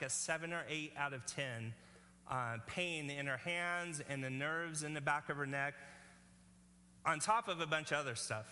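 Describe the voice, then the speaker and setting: A man's voice: on the high side, sharp tone. Guy preaching a sermon, casual and earnest, keeps saying okay, bit of hall echo and hum. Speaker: pastor.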